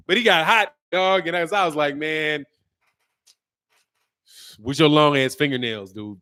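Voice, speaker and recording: A middle-aged man with a notably high speaking voice riffs loosely on a live stream, teasing and trash-talking in easy banter. He laughs often and keeps the jokes coming, a regular commentator from the Chicago area. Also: animated, normal speed, sharp tone.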